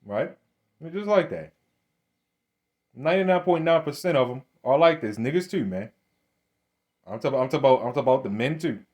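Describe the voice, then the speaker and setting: A man's voice: medium pitch, expressive, fairly quick, pauses often, darkish tone. Blunt man speaking to camera. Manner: repeats words and restarts often; keeps addressing listeners as "man". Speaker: religious commentator. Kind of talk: casual commentary to camera.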